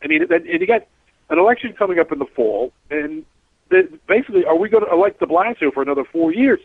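A man talks over a tinny, phone-like line, his voice pitched a little high. He rambles in stop-start bursts, frustrated and repeating himself. The sound is dry and close. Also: expressive, fast talker, no room sound. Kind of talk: casual talk show discussion.

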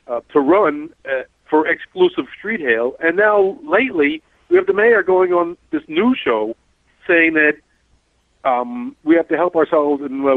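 A man's voice: fairly high pitch, no echo. A man hosting a talk show, rambling and frustrated, with lots of restarts. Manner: rambling, stop-start, frustrated. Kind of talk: casual talk show discussion. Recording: tinny phone-like line.

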